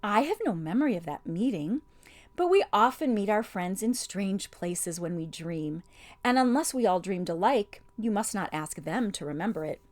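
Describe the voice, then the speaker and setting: A woman reading a soft, coaxing witch queen. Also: medium pitch, lively intonation, moderate pace, no room sound, lightly acted. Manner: soft, soothing, half-mocking. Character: sweet-voiced coaxing witch queen, female adult.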